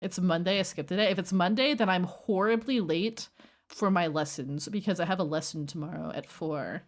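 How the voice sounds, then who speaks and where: A woman's voice: lowish voice, moderate pace. A woman streamer chatting casually and rambling while reacting to her chat. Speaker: livestreamer.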